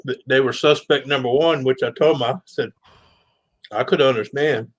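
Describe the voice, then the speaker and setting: An easygoing man in a casual chat, rambling through a story at a relaxed clip. His voice sits at an ordinary pitch. The sound is dry and close. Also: normal speed, dry recording, poor audio. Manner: easygoing storyteller, says yeah often. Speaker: regular guest.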